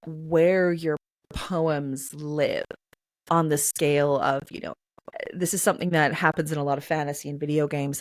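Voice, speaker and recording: A woman's voice: low voice, no echo. A woman answering interview questions about reading poetry aloud, chatty, with lots of fillers and playful sung sounds. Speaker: guest, poetry reader.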